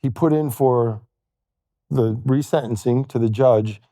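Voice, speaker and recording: Man, podcast guest, dark mellow voice, dry close sound, halting storytelling, quotes others. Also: mid-range voice, no echo. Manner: halting, retells events with quoted dialogue. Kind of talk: storytelling in conversation.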